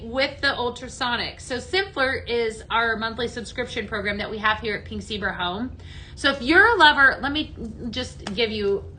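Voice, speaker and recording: Bright-voiced chatty woman selling live. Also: on the high side, a little hiss or hum. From American Midwest. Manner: chatty, enthusiastic, greets viewers by name. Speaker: home fragrance consultant hosting a live sale. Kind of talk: casual live-stream product demo.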